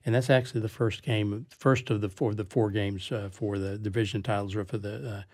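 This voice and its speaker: A man's voice: fairly low pitch, fairly even intonation, brisk, a little mellow. A man hosting a casual sports talk show, rambling with many restarts. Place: studio.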